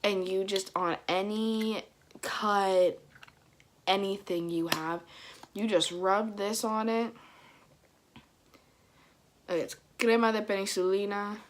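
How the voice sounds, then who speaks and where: A young woman with a Dominican family background, telling comic stories to camera in a casual vlog, mimicking her mother's scolding and getting loud at the punchlines. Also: mid-range voice, steady tone, slow, long pauses, a little hiss or hum. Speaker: vlogger. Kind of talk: casual comedic storytelling to camera.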